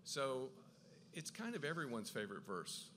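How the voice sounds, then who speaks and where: A man giving an enthusiastic Bible talk, with quick asides and frequent restarts as he explains. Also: mid-range voice, big pitch swings, fairly bright tone, slight background noise. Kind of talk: lively lecture on the Gospels.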